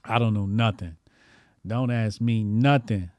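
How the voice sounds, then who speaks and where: A man's voice: lowish voice, measured pace, a little mellow, no echo. A male comedian hosting a loose, profane commentary show, laughing and riffing in slang as he reacts to posts online. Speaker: comedian host.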